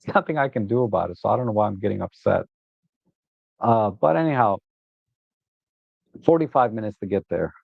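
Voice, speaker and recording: Fairly low-pitched and creaky, this man talks briskly but pauses often as he hosts a photography livestream. He rambles through his shots with frequent "uh"s and repeated starts, turning animated and exasperated when complaining and laughing too; the audio is dry, narrow and phone-like.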